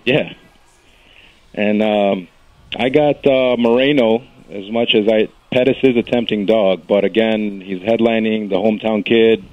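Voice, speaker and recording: Male caller from chicago, low voice, rambling with fillers, dull dry phone line. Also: steady tone, measured pace, dry recording. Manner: rambling, hesitant with many fillers. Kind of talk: casual call-in betting talk.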